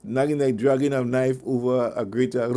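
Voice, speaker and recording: Male radio host, mid-pitched, rambling anecdotal advice, chuckles often, repeats himself. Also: mellow. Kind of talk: casual advice talk. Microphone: online meeting call.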